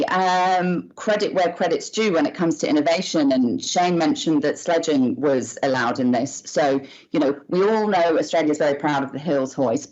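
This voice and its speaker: A woman's voice: sits low, a little mellow. A woman on a panel, joking in casual banter and laughing between phrases, over a video call. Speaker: panel guest. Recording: muffled video call audio.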